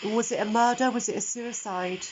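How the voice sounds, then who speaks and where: A woman's voice: fairly high pitch, fairly even intonation, normal speed. A woman running a spirit box session, pleading and hesitant as she calls out to a spirit. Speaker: paranormal investigator. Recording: muffled, with loud radio static.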